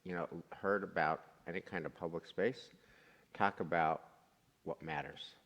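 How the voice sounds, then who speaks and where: Deep-voiced male discussion leader, earnest storyteller, reverberant room. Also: fairly even intonation, a little slow, a bit bright. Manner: earnest, tells stories with quoted dialogue. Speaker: class leader. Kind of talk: group discussion. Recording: long hall reverb.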